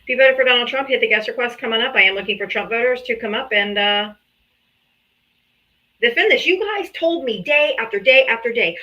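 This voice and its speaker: A woman's voice: on the high side, lively intonation, fairly quick, pushed and bright, muffled recording. A woman hosting a live political debate stream, combative, sarcastic and heavy on profanity.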